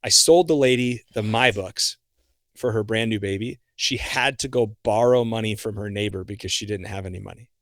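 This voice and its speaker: A young man, a guest on a podcast, telling a story in a casual, animated way. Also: fairly low pitch, normal speed, no echo, clean studio sound. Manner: animated, acts out his own reactions.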